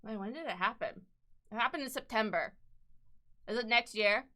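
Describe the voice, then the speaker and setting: A young adult woman chatting casually on an art livestream, excitable and gushing, swearing freely and laughing often. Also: a little high, normal speed. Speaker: artist livestreamer. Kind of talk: casual chat while drawing.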